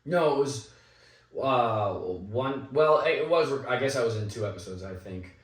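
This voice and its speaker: A young actor appears as an interview guest, casually and animatedly telling anecdotes at a measured pace in a mid-range voice. He acts out the people in his stories with quoted asides, and the distant mic leaves him a bit off mic in an echoey room.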